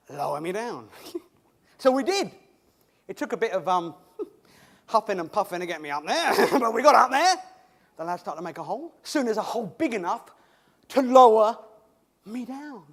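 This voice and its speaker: A man playing a cheerful once-lame man in a comic theatrical monologue, stammering and chuckling as he tells his tale. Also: high voice. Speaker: actor in a monologue.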